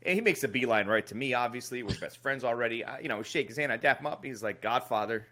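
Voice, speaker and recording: A male podcast co-host in casual chat, telling an animated story and swearing freely. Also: medium pitch, fast.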